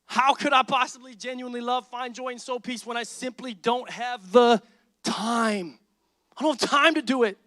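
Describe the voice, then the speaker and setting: A man's voice: very high voice, dry recording. A man in his thirties preaching a sermon as pastor, telling stories and acting out both sides of conversations. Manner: animated storytelling, acts out dialogue.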